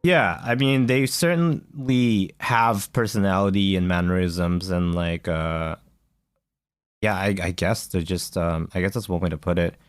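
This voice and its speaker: A man's voice: low-pitched, measured pace, smooth, dry recording, studio quality. A man co-hosting a podcast, chatting casually about video games, full of fillers and restarts. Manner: hesitant, many fillers and restarts. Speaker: podcast co-host.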